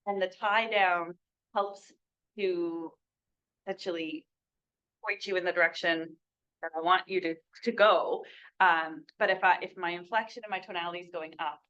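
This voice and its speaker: A woman's voice: on the low side, fairly even intonation, normal speed, long pauses, fairly bright tone, smooth. A woman leading a sales training class in a small room. She talks casually and acts out sample sales lines for her listeners. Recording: dull lo-fi recording.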